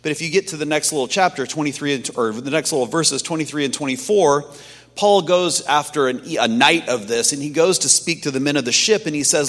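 A man preaching a sermon in a conversational, animated storytelling manner, acting out quotes from the stories he tells. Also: fairly high pitch, brisk. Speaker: pastor. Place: church sanctuary. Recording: long hall reverb.

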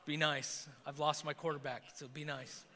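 A man preaching a sermon as pastor, swinging between hushed asides and emphatic, animated lines, in a church sanctuary. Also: fairly high pitch, long reverb tail, a little hiss or hum.

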